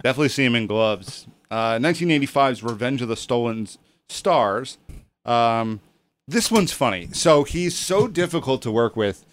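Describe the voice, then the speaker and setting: A man's voice: mid-range voice, expressive, moderate pace. A man hosting a casual podcast chat, rambling and hesitant with lots of ums. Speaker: podcast host.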